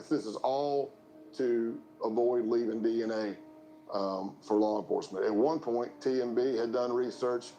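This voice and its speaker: A man recounting his past undercover work, animated and acting out the dialogue himself. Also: mid-range voice, low-quality recording. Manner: animated storyteller, acts out dialogue. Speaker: former undercover informant. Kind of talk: recounting events in an interview.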